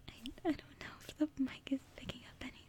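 A woman talking quietly in a whisper, stuffy-nosed and a little hoarse, hesitant and giggly with lots of fillers. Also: fast. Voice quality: hoarse, losing her voice. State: stuffy nose. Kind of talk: whispered casual talk to a mic.

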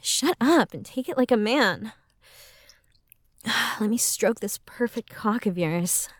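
Young woman voicing a teasing, bossy roommate for an intimate audio role-play; unhurried, hushed delivery with soft laughs, dry and close. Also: on the high side, animated, no echo.

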